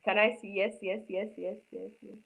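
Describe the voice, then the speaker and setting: A woman's voice: medium pitch, level tone, moderate pace, creaky, fairly bright tone, rough recording. A woman teaching screenwriting in a live online class, stressing her points with repetition and often checking whether her students understand. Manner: emphatic, repeats points, asks students if they understand.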